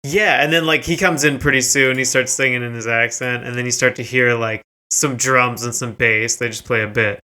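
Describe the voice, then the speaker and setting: A man's voice: mid-range voice, fairly even intonation, moderate pace, few pauses, pushed and bright. A man co-hosting a music podcast, chatting casually, rambling with lots of likes and ums. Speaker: podcast co-host.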